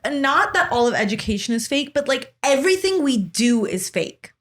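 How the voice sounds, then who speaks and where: A young adult woman hosting a podcast in casual chat, animated and laughing often, with many fillers of "like". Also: high-pitched, normal speed. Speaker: podcast host.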